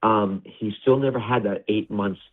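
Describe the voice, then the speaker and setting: A man guest telling an emotional personal story, acting out his father's lines in a raised voice and dropping low and tearful on the sad parts. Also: moderate pace. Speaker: interview guest. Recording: tinny phone-like line.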